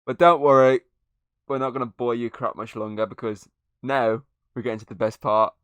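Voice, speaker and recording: A man's voice: medium pitch, normal speed, clear, resonant tone, dry recording. Young man, laughing podcast banter. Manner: swearing, laughing, animated retelling of scenes. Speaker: podcast host. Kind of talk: casual movie review chat.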